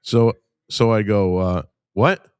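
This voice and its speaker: Deep-voiced, profane rambling stream host. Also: male voice, moderate pace, no echo, studio quality. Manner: loose, rambling and profane storytelling. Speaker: livestream host. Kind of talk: casual chat to a live stream audience. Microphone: streaming microphone.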